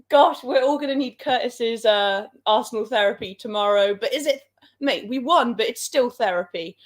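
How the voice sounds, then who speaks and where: A woman's voice: fairly high pitch, expressive, a little slow. A young woman hosting a football livestream, dramatic and laughing often. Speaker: livestream host. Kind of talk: excited livestream chat.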